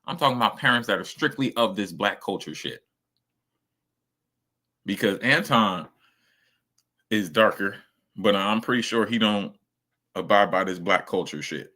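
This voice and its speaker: A man's voice: fairly low pitch, animated, unhurried, long pauses, sharp tone. A man streaming casual reaction commentary, ranting emphatically and swearing a lot.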